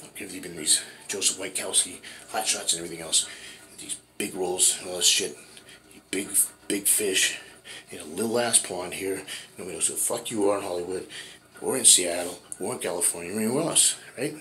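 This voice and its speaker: This forties-aged Washington State man has a deep voice that sounds pushed and bright, moving fairly quickly, with a bit of hiss or hum present. Rambling and profane, he relates his acting story while asking "right?" over and over.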